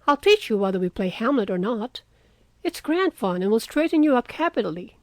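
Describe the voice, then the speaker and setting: A woman voicing a teasing, good-natured wealthy young man in an audiobook reading, with a lively, coaxing way of talking. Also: fairly high pitch, brisk, dry recording.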